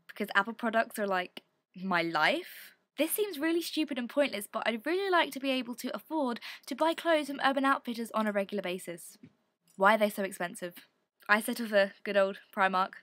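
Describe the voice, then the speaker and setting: A woman's voice: on the high side, fairly bright tone, dry recording. A young woman, chatting to camera in a rambling, self-deprecating way. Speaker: vlogger. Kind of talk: casual chat to camera.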